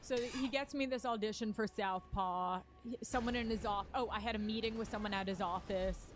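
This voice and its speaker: A woman's voice: medium pitch, moderate pace, faint music behind. Rambling woman telling a candid story. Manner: rambling, lots of "like" fillers and swearing. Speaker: stand-up comedian. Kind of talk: casual personal storytelling.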